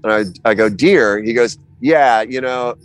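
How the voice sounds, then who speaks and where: A man in a casual chat, telling an animated story full of swearing and restarts. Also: medium pitch, moderate pace, smooth, dry recording.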